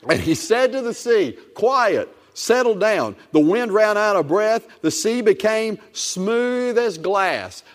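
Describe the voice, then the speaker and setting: A middle-aged man preaching a sermon as pastor, emphatic and repetitive, exhorting his congregation. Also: sits high. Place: church sanctuary. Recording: long reverb of a church hall.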